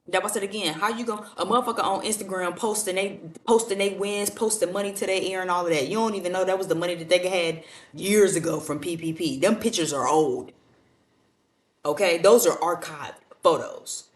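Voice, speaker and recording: A woman doing a casual tarot reading, blunt and profane in a motivational way. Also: lowish voice. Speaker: tarot reader. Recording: roomy echo, mic at a distance.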